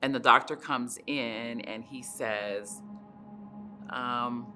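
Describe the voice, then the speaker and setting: A woman's voice: very deep voice, fairly even intonation, takes it slowly, music in the background. A woman sharing a personal faith testimony in a conversational storytelling way, often saying "like" and "you know". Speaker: church member sharing her testimony.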